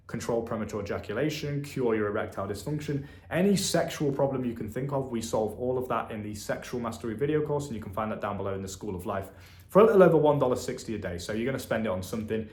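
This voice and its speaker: A man's voice: mid-range voice, fast talker, a little mellow, roomy sound. A young man in his twenties giving a blunt, profane motivational monologue to the camera, calling the listener "bro.". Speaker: self-help content creator.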